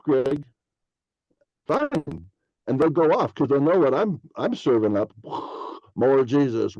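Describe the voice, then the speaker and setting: A man's voice: mid-range voice, dark tone, no echo, muffled recording. A man hosting a podcast, rambling through a casual spiritual monologue and acting out imagined dialogues in a raised voice. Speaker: podcast host.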